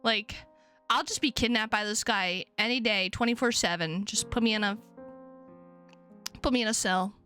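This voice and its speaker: A woman's voice: mid-range voice, normal speed, long pauses, pushed and bright, faint music behind. A woman streamer chatting playfully and swearing freely while reading a visual novel's text aloud. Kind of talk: casual live-stream chat, reading game text aloud.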